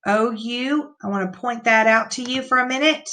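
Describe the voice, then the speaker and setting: A woman's voice: fairly high pitch, slow, pauses often, sharp tone. A woman teacher reading a picture book aloud to young children, patiently explaining the words and counting the numbers out.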